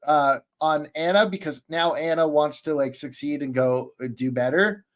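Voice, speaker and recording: A man on a streamed podcast call, recapping an anime in a rambling, excitable way, full of fillers and restarts. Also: a little high, normal speed. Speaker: podcast panelist. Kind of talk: casual chat, recapping an anime.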